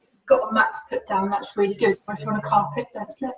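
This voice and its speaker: Speaking fast in a mid-range, fairly bright voice with fairly even intonation, this woman instructor guides a home workout class streamed live, with a faith reflection woven in. She stays upbeat and encouraging, slightly winded from exercising as she speaks. The sound is dull, roomy and distant, typical of a livestream.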